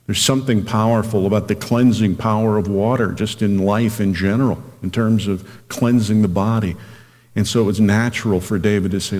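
A man preaching a sermon as pastor, reading scripture slowly and earnestly. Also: lowish voice, darkish tone, in a large hall.

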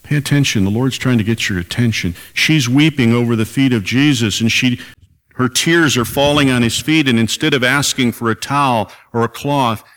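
A man's voice: medium pitch, normal speed, fairly bright tone. Older man preaching in a reverberant hall. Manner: emphatic preaching, repeating lines for weight. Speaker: pastor. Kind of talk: sermon.

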